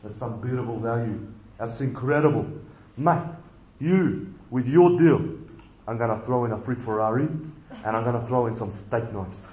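A man's voice: medium pitch, normal speed, a little mellow, pitched below the performer's own voice, natural voice. A man voicing a greasy, shifty used-car salesman with pushy sales patter, in a roomy, dull recording. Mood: slick pitching.

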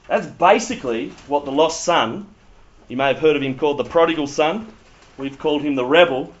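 Aussie guy preaching, lively and jokey, kinda high voice, dull lo-fi sound. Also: a little fast. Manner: animated, humorous storytelling. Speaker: pastor. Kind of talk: sermon.

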